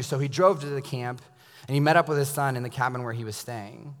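A man preaching a sermon as a pastor, telling stories and dropping to a hushed, intense tone for emphasis. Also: fairly high pitch, quick pace. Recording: long reverb of a large hall.

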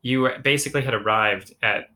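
A man hosting a podcast, with a bright, forward voice at a middle pitch. He speaks thoughtfully, taking his time to draw out the meaning in what his guest says. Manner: reflective, pauses to unpack meaning. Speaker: podcast host. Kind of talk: casual interview chat.

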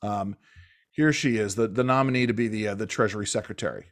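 A man hosting a political talk show, speaking in a halting way with many restarts and fillers. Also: fairly low pitch. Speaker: radio talk show host.

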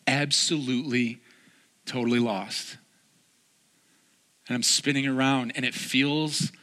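A man's voice: mid-range voice, sharp tone. A man preaching a sermon, telling a personal story and repeating key phrases with earnest emphasis.

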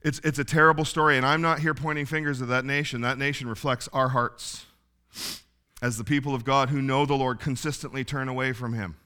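Bright-voiced folksy male pastor. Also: medium pitch, fairly even intonation, brisk, clear, resonant tone. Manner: folksy storytelling, chuckles often. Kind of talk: sermon.

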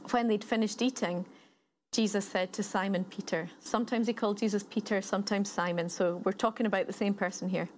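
Woman preacher telling a story like she's chatting, mid-pitched voice, bit of faint background hiss. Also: fairly even intonation, brisk, darkish tone. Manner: conversational storytelling with rhetorical repetition. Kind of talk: sermon.

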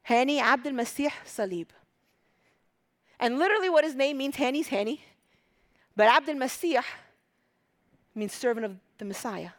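An Egyptian woman with a high voice preaches a sermon passionately, sinking to hushed whispers and climbing to loud, emphatic peaks.

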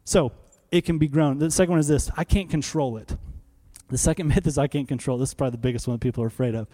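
A man in his thirties preaching a sermon in an animated, conversational way, full of rhetorical questions. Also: medium pitch, fast. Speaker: pastor.

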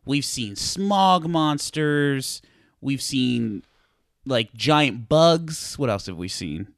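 A man's voice: medium pitch, lively intonation, very slow, dry recording, studio quality. A man co-hosting a podcast in casual chat, joking and laughing often. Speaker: podcast co-host.

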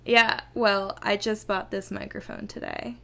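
A woman co-host in casual podcast chat, talking slowly with a gravelly, fry-edged voice. She laughs often and rambles in a giggly, friendly way. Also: medium pitch, level tone, pushed and bright.

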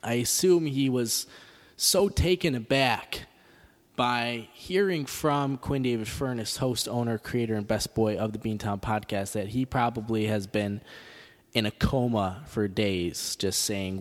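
A man hosting a comedic podcast, reading a letter aloud in a deadpan, mock-serious way with sarcastic asides. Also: mid-range voice, a little slow, in a large hall. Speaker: podcast host.

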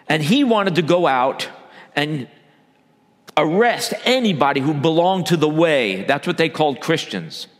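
A man delivers a sermon as a church elder, his voice sitting a little high for a man. He moves between loud emphatic bursts and low, quiet asides. The long reverb of a large hall trails every phrase.

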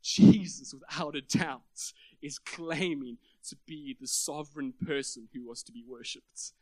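A man's voice: on the high side, measured pace, a little mellow, dry recording. A man preaching a sermon at a church meeting, emphatic and building up to big points.

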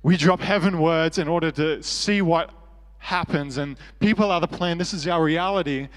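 A man's voice: a little high, normal speed, big-room sound. An Australian man preaching a sermon as pastor, earnest and conversational with self-deprecating humor.

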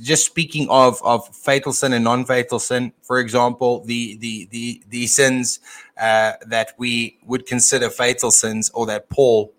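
A man co-hosting a casual talk show and teaching from scripture, often pausing and repeating words as he thinks aloud. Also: mid-range voice, little pitch movement, fairly bright tone. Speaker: podcast co-host and Bible teacher; father.

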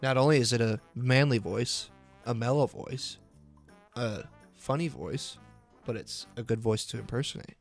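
A man's voice: medium pitch, normal speed, soft background music. Playful teasing man co-hosting a podcast. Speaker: podcast co-host. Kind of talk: casual podcast chat.

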